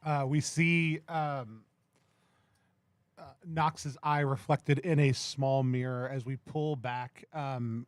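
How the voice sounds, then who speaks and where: A man's voice: mid-range voice, a little mellow, no room sound. A man narrating a tabletop game scene like a camera shot, with fillers. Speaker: player narrating his scene.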